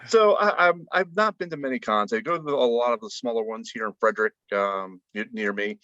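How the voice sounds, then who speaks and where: A man's voice: mid-range voice, brisk, pushed and bright, dry recording, muffled recording. A man chatting casually as a podcast guest, rambling with many fillers and restarts. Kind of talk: casual chat.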